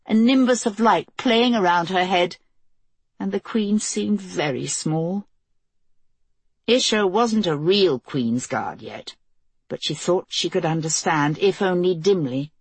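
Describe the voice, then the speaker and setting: A woman reading a novel aloud as an audiobook narrator, in measured, even storytelling. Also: lowish voice, breathy edge, no room sound. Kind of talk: scripted narration.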